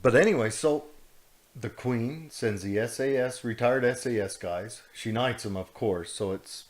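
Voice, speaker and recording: On a podcast, a male co-host tells a story in a rambling, jokey way, often breaking into laughter as he chats casually. His voice is mid-range and his pace measured.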